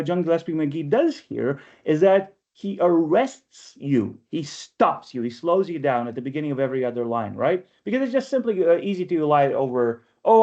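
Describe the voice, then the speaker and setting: A man's voice: fairly high pitch, mellow. A man giving an online poetry workshop lecture, explaining step by step and often checking in with "right?". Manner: explanatory, keeps asking "right?". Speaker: workshop instructor. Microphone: video call. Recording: lo-fi video call audio.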